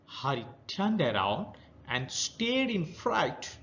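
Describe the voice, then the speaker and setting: A man with an Indian English accent teaching a children's story. He reads each passage, then explains it in plain words at a very slow, careful pace, with a fairly high voice that moves up and down a lot. The recording sounds dull and lo-fi. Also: sing-song, fairly bright tone. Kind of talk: reading a story aloud and explaining it.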